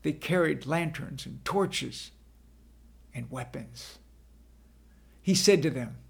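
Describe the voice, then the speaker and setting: Man, dramatic first-person scripture reading, slow delivery, husky voice. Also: a little high, expressive. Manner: slow, earnest, dramatic storytelling. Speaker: narrator.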